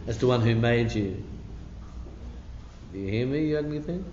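A man's voice: medium pitch, lively intonation, normal speed, a little mellow, a little hiss or hum. A man pastor giving a midweek church teaching in a conversational, emphatic way, full of asides. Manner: conversational and emphatic, peppered with "you know". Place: church hall. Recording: dull echoey church recording.

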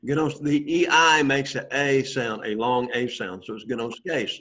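A man's voice: medium pitch, unhurried, pushed and bright, highs cut off. A man teaching a Greek class, explaining patiently and checking in with "okay?" after each point. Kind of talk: classroom lesson.

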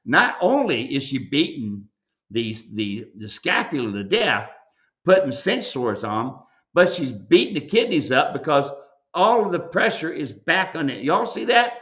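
Emphatic, folksy male host lecturing on air, with a slightly high, forceful voice and dull, lo-fi audio. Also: very animated, measured pace. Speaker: mule ranch owner and show host. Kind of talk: live video Q&A commentary.

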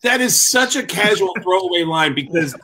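A man's voice: sits high, animated, moderate pace, pushed and bright, a little hiss or hum, low-quality recording. A man co-hosting a comedy podcast, telling a story in a casual, conversational way. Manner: laughing, swearing, conversational.

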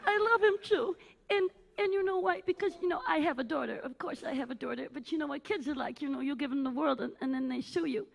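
A woman's voice: high voice, fast talker, gravelly. A woman playing a needy, self-obsessed aging female cabaret diva, gushing and melodramatic as she teases the audience from a theatre stage. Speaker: cabaret performer. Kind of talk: live stage character comedy.

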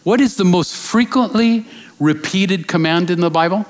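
Animated male guest preacher telling a story. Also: high voice, normal speed. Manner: animated storyteller, acts out quoted voices. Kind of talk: sermon with personal story.

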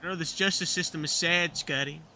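A man's voice: a little high, steady tone, a little fast, pushed and bright, no echo. A man talking in character during a game roleplay, casual and crude, rambling and swearing.

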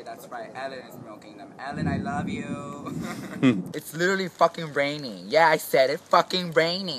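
Campy drag performer goofing around on set, rain and outdoor noise behind him. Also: male voice, mid-range voice, sharp tone. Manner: campy, joking, playfully crude. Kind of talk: casual behind-the-scenes chat. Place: outdoors in the rain at a video shoot.

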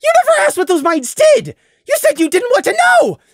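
A man voicing Prey, a stubborn, defensive young trap-maker who shouts accusations in an audio drama. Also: very high-pitched, big pitch swings, moderate pace, no echo, clean studio sound, voice pushed up. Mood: accusing.

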